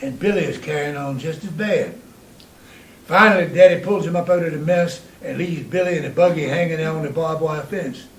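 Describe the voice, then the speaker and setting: A man's voice: fairly high pitch, moderate pace. Salty storyteller man. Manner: salty, earthy, animated. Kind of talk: spoken-word story monologue. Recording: roomy, mic at a distance.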